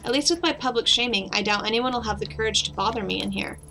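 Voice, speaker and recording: A woman's voice: a little high, fast talker, vocal fry, sharp tone, a little hiss or hum, rough recording. Woman voicing a weary sardonic detective. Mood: bitter. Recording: background music.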